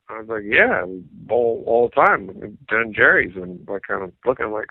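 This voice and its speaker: A middle-aged man, a rock bassist being interviewed, telling anecdotes in a casual way and acting out what people said. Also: normal speed, hardly any pauses, no echo. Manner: animated anecdotes, acts out quoted dialogue. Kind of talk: casual storytelling. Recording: dry tinny phone-like sound.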